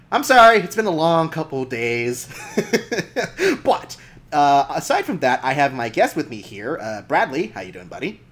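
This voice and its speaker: A man hosts a casual film podcast, his pitch swinging up and down in a lively way. He talks in a loose, chatty manner and laughs easily between points. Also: a little slow. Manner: chatty, laughs often, restarts. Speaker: podcast host.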